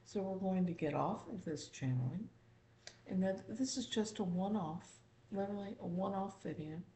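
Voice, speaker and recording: Gravelly, mellow-voiced woman channeling. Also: mid-range voice, rough recording. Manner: profane, repetitive, calls listener "dear". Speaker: spiritual channeler. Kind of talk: channeling monologue. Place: apartment.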